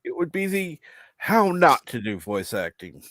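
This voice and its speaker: A man's voice: fairly high pitch, big pitch swings, measured pace, fairly bright tone, dry recording. A man co-hosting a podcast, teasing and joking in casual chat.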